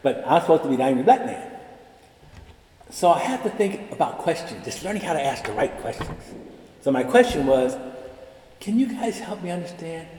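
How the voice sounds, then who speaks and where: A man's voice: medium pitch, a little fast, background noise. A man of about seventy giving a convocation address in a large chapel, telling personal stories and acting out the dialogue. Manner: animated storyteller, acts out dialogue. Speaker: convocation speaker. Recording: echoey chapel with long reverb.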